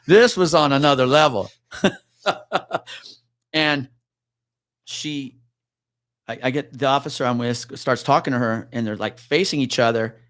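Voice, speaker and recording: In an interview, a middle-aged ex-cop with a medium-pitched voice unhurriedly tells a tense story, leaving long pauses. His telling is casual yet animated, laced with swearing and acted-out voices of the people in it, captured as clean studio sound with no room tone.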